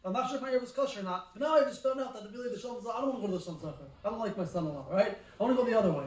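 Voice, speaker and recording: Rapid-fire man arguing in a study group. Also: high voice, lively intonation. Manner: rapid-fire, argues by acting out a hypothetical case. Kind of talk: Talmudic study discussion. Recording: echoey, far from the mic.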